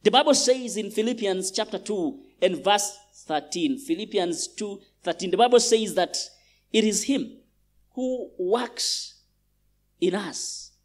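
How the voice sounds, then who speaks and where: A male pastor from Uganda preaching a sermon in a large church, emphatic and repeating phrases for stress. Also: high voice.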